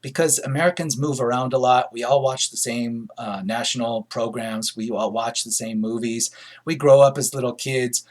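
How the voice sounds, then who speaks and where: A middle-aged man from Northern California talks through a film review off the cuff, opinionated and rambling. His voice sits at an ordinary middle pitch, and he keeps circling back with ums and restarts as he builds his points. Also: fairly even intonation, normal speed. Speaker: movie reviewer. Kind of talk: casual spoken film review.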